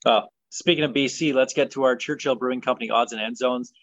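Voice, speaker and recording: A man hosting a casual sports podcast, leading segments in a brisk, opinionated way. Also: mid-range voice, steady tone, fairly bright tone, no echo. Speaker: podcast host. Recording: dull, dry sound.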